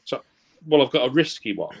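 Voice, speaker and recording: A man joins a casual quiz and keeps up a jokey, teasing banter. His pitch jumps around a lot as he talks. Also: lively intonation, fairly quick, vocal fry. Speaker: quiz contestant.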